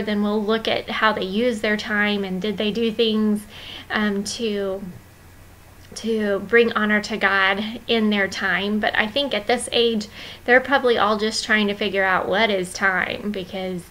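A woman leading a children's ministry training, walking volunteers through the week's activities in a friendly, instructive way with many pauses and fillers. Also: medium pitch, pushed and bright, rough recording.

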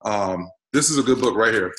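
A man's voice: fairly low pitch, a little fast, rough recording. A man co-hosting a family channel, casually explaining how to buy stock at home, with frequent uh fillers. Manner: relaxed, steady explaining with uh fillers. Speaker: co-host explaining stock investing. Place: indoors at a rented home.

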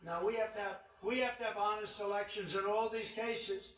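A man's voice: sits high, steady tone, normal speed, a bit bright. A man speaking as a political candidate at a campaign rally, emphatic and repetitive, with rambling asides. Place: large indoor arena. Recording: echoey arena, distant mic.

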